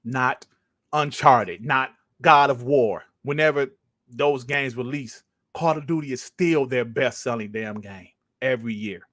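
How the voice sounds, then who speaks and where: A man's voice: medium pitch, measured pace, fairly bright tone, no room sound, studio quality. A man hosting a podcast, ranting casually and emphatically, swearing and repeating points for stress. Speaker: podcast host.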